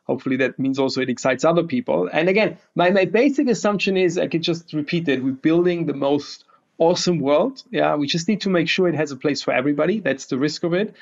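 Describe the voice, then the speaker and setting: Gravelly, upbeat male investor on a call. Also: on the high side, fast. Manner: energetic, optimistic, slightly non-native phrasing. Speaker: investor guest. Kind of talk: enthusiastic interview talk. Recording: dull lo-fi remote audio.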